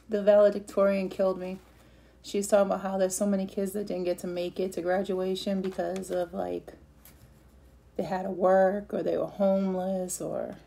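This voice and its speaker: Chatty mellow-voiced woman vlogger. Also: medium pitch, gravelly. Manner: chatty, rambling, emotional. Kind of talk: casual eating-show chat.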